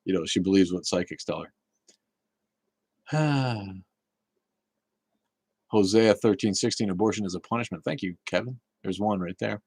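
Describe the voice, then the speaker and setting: Man, host, live chat show, low-pitched, rambling, profane, stuttering restarts, dry close sound. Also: moderate pace, gravelly, long pauses, a little mellow, husky, no room sound, low-quality recording. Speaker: talk show host reading viewer chat. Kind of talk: casual live call-in chat.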